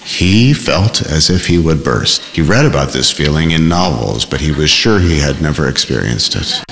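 A man reading a novel aloud in measured, expressive scripted narration, also speaking the shy bookseller's lines. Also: rumbling low, big-room sound. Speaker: audiobook narrator.

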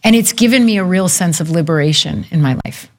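A woman's voice: on the low side, expressive, fairly quick. A woman in her fifties talking as a guest in a candid conversation, reflective and earnest, laughing easily. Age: 50s.

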